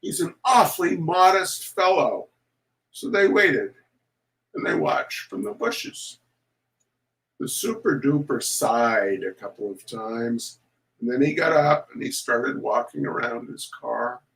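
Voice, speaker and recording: Man reading a kids story out loud, slow and very animated, shows the pictures. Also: medium pitch, vocal fry, low-quality recording. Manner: animated, showing pictures to listeners. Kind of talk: reading a children's story aloud to an audience.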